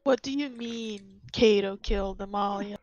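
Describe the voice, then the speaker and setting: A woman's voice: mid-range voice, measured pace, darkish tone, dry recording, lo-fi sound. A woman player speaking formally in character during a tabletop game. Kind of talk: tabletop role-play.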